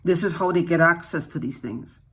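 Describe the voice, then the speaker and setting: This is a husky, slightly rough voice in an unscripted vlog monologue, pitched in the middle of the range. The speaker sounds agitated and keeps firing off rhetorical questions. Sentences often stall and restart, and key phrases get said twice for emphasis. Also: brisk, fairly bright tone. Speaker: YouTube channel host.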